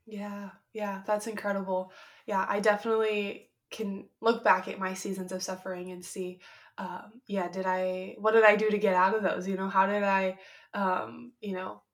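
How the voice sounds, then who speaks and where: A woman in a casual faith conversation, speaking softly and rambling with many "um"s and "like"s. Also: medium pitch, level tone, normal speed. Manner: soft-spoken, rambling, many fillers.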